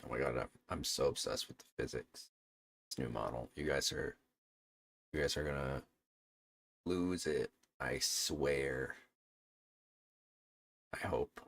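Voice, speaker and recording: A man streaming a video game, chatting with viewers in a playful, jokey way that gets excited easily. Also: a bass voice, slow, creaky, long pauses, no echo. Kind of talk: casual gameplay livestream chat. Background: faint game music.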